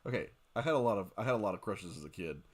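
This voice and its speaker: A man's voice: fairly low pitch, racing. A man streaming a mobile game, chatting casually with his viewers and using lots of fillers like "dude" and "um". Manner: chatty and animated, talking to chat with fillers like "dude" and "um". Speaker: gaming streamer. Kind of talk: casual livestream chat while gaming.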